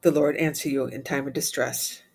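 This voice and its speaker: Man of middle pitch leading prayer, steady measured reading with brisk quiet Latin responses. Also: gravelly, slight background noise. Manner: steady measured recitation, rattles off Latin refrains quickly and softly. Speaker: prayer leader. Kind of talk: reciting liturgical prayer.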